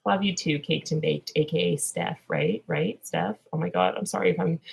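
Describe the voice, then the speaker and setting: A woman's voice: low-pitched, sing-song, moderate pace, gravelly, hardly any pauses, breathy edge, narrow, tinny audio. A woman streaming live, chatting with viewers in a scatterbrained, silly way and breaking into improvised songs. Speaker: livestream host answering chat. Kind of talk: rambling livestream chat with improvised singing.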